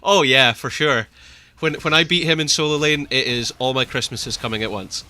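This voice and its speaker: A young man casting a live esports match, chatty and excitable, laughing often. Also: medium pitch, moderate pace, a little hiss or hum. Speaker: esports caster.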